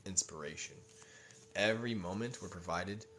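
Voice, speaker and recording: A man hosting a livestream tarot reading, reading cards slowly and softly, then turning loud and laughing with casual swearing. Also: deep voice, a little hiss or hum. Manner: swings from soft, slow reading to loud, laughing, profane outbursts.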